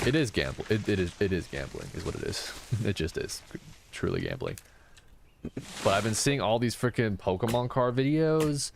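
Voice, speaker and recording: Man, 30s, low gravelly voice, tired, soft-spoken streamer chatting while gaming. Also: slight background noise. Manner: soft-spoken, reading and answering chat. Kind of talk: casual live-stream chat while gaming.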